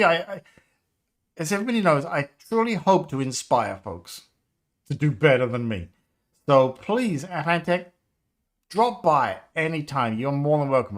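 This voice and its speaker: Lively, chatty man in his fifties. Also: a little high. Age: 50s. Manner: rambling, nostalgic, laughs often. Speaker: game developer livestreamer. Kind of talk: casual live-stream chat.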